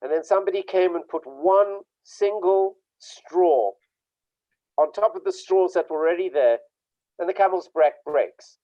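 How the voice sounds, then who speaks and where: A man with a fairly high voice gives an informal online workshop talk and leans into his stories with emphatic delivery. He acts out the people he quotes. The call audio is dull and lo-fi, with a dry, close sound. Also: measured pace, dark tone, dry recording. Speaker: workshop speaker on burnout.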